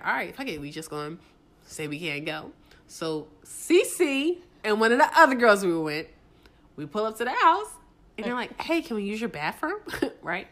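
A woman co-hosting a casual chat, telling stories with lots of laughter and acted-out quotes. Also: mid-range voice. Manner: animated, laughs often, acts out quotes. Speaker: podcast co-host.

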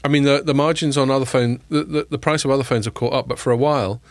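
A man hosting a casual tech podcast, joking with quick asides and plenty of fillers. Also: mid-range voice, fairly even intonation, dry recording. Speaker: podcast host.

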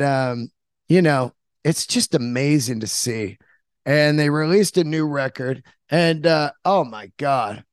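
A man's voice: fairly high pitch, no room sound, clean studio sound. A man hosting a podcast, rambling casually and enthusiastically with frequent swearing and filler words. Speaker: podcast host. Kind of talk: casual monologue.

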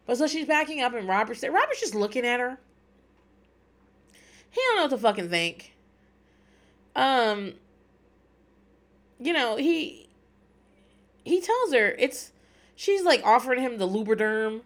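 A woman's voice: on the high side, big pitch swings, a little slow, long pauses. A woman hosting a podcast, chatting casually and candidly, swearing freely and laughing often. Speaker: podcast host. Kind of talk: casual recap chat.

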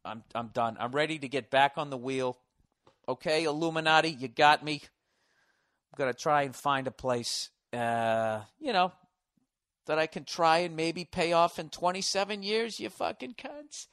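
A man's voice: a little high, steady tone, normal speed, a bit bright. A man in his forties hosting a show, riffing through a profane comedic rant. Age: 40s.

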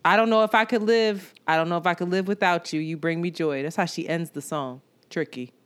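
A woman's voice: lowish voice, fairly quick, clean tone. A woman co-hosting a casual chat, laughing often and reading song lyrics aloud in a mocking voice. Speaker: podcast co-host. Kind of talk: casual chat about songs.

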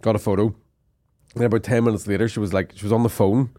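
Laid-back Northern Irish comedian. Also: male voice, lowish voice, level tone, fast talker, mellow, no echo, studio quality. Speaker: comedian guest. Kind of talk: casual podcast chat.

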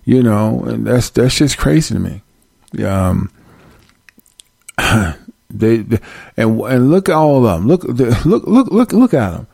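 A man hosting a talk show, ranting in a loud, profane, mocking comedic style. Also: medium pitch, lively intonation, measured pace, vocal fry, pauses often, husky, no echo. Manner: loud, profane, mocking, uses preacher-like call-outs. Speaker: show host.

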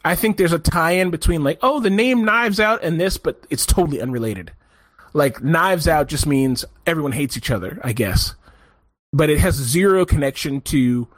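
On a dry recording, a man with a medium-pitched voice co-hosts a podcast. He talks over a movie review in casual, rambling chat, animated and frequently restarting.

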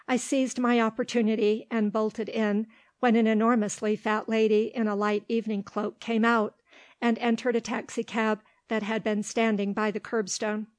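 A woman narrating a storybook in a steady, measured reading voice. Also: a little high, dry recording. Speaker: audiobook reader.

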